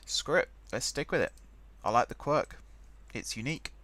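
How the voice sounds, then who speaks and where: A man's voice: medium pitch, animated, moderate pace, fairly bright tone. A young man hosting a game let's play, rambling chattily and thinking aloud as he types. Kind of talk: casual gameplay commentary.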